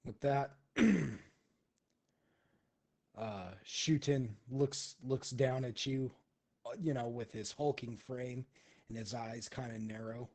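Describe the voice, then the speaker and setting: A man narrating as game master of a tabletop role-playing game in a relaxed way, laughing often. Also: medium pitch, slow, pauses often. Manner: relaxed, many fillers and restarts, laughs often.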